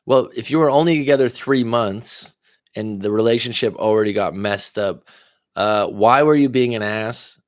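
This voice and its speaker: A life coach with a lowish voice hosts a casual relationship livestream in echo-free studio quality. He reads viewer comments aloud and answers with pointed questions, occasionally tripping over his words; he admits he talks fast after coffee and stutters now and then.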